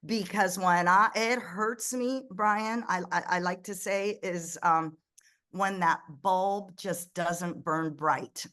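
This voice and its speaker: Animated middle-aged woman telling stories. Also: on the low side, slow pace. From Egypt, raised in the United States. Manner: animated storyteller, frequent restarts and quoted dialogue. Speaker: ministry founder, guest. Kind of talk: conversational interview.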